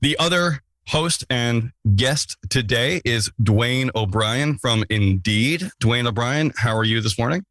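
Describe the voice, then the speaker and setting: Podcast host, male, mid-pitch, joking asides, dry close mic. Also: a little slow, few pauses, a bit bright, dry recording. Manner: playful, self-mocking asides. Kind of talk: casual podcast intro.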